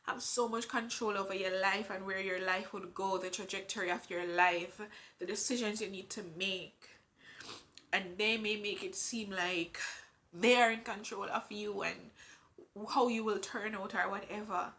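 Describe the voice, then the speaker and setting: A woman's voice: mid-range voice, pushed and bright. A pregnant woman with a Jamaican accent, talking earnestly and with strong faith in a personal vlog. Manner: earnest, faith-filled, unhurried. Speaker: vlogger. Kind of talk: heartfelt personal vlog talk.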